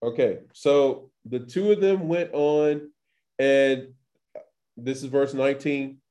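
A man's voice: medium pitch, slow pace, mellow. Chatty man teaching scripture casually. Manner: chatty, full of "like" and acted-out quotes. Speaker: Torah teacher. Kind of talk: casual scripture study talk.

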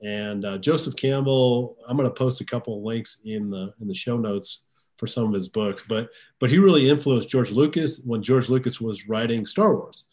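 A man's voice: mid-range voice, moderate pace, a little mellow. Conversational man hosting a podcast. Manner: conversational, repeats words while thinking aloud. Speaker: podcast host. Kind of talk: casual podcast chat.

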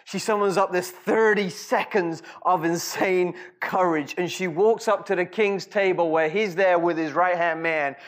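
A man preaching a sermon as a lively storyteller, with frequent laughs and rhetorical asides. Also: sits high, measured pace, few pauses. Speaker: pastor.

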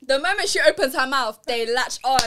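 A woman's voice: high-pitched, crowd noise. A young woman with a London accent, telling stories in a casual podcast chat with lots of slang. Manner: animated storytelling, slangy, quick bursts of loud laughter. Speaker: podcast co-host.

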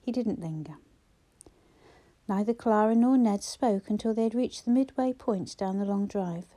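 A woman narrating an audiobook in steady storytelling, voicing each character. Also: medium pitch, moderate pace. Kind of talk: scripted narration.

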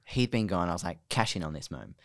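Deep-voiced Australian woman telling a story. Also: quick pace. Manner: animated storyteller, laughs often. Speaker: podcast guest. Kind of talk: casual chat, storytelling.

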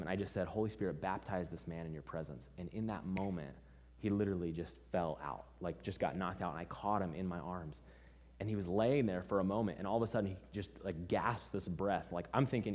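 A young adult man preaching, telling a personal story with lively acted-out quotes before moving into teaching. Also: low voice. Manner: animated storyteller acting out quoted voices.

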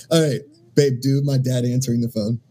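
A man's voice: mid-range voice, warm tone, slight background noise. A man co-hosting a casual comedy chat show, rambling through stories with lots of fillers and laughing easily. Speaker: co-host.

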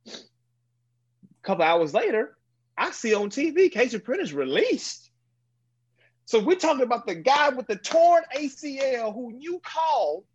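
A man around forty, a former pro quarterback, telling a long story as a podcast guest and acting out other people's words. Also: husky. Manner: animated, acts out quoted people with sudden high, loud bursts. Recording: dull lo-fi audio.

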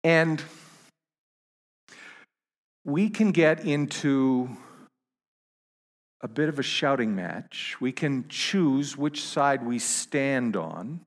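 A man preaching a sermon to his congregation, halting and repeating words, rising to emphatic peaks. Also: mid-range voice, lively intonation, big-room sound. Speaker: pastor.

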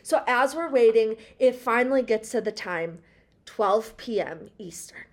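A woman's voice: a little high, lively intonation, unhurried. A young woman in her twenties, co-hosting a casual pop-culture podcast and telling stories in a bubbly, gushing way. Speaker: podcast co-host.

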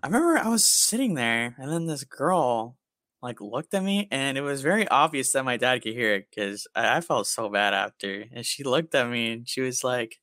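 A young man co-hosting a podcast, swearing casually and acting out stories with squeaky impressions. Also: normal speed, no room sound, studio quality. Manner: profane, animated storytelling with squeaky impressions. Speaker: podcast co-host. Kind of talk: casual chat, storytelling.

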